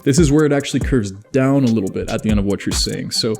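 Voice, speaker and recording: A man's voice: lowish voice, fast talker, vocal fry, a little mellow. A man hosting a self-improvement video, chatting casually and laughing at his own jokes. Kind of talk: casual advice monologue.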